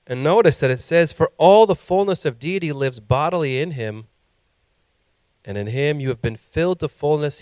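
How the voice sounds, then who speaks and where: A man's voice: on the high side, a little mellow, no echo. A male pastor preaching a sermon with impassioned emphasis that rises to emphatic peaks.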